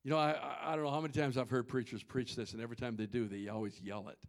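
A middle-aged man preaching a sermon, dropping to hushed near-whispers and rising to shouts. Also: mid-range voice, quick pace, few pauses. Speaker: pastor.

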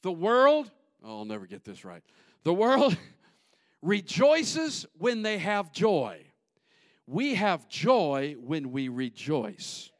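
A male pastor preaching a sermon, folksy and repetitive, swinging from shouted peaks to low joking asides. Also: wildly swooping pitch, slow pace, no room sound, clean studio sound. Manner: folksy, repetitive, call-and-response.

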